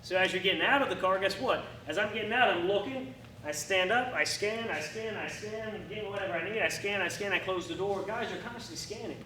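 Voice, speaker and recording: A man teaching a firearms class in a lively coaching way, acting out his students' reactions. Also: sits high, quick pace. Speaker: firearms instructor. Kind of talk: classroom instruction. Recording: echoey room, distant mic, faint noise.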